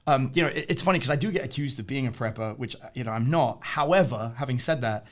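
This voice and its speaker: A man in a casual interview, an animated storyteller who laughs often. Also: mid-range voice, fast. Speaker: interview guest.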